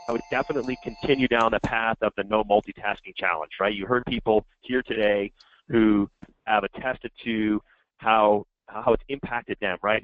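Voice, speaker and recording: A man co-hosting a group coaching call, wrapping up the session in a relaxed, easygoing way. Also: lowish voice, no room sound. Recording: tinny phone line, dry.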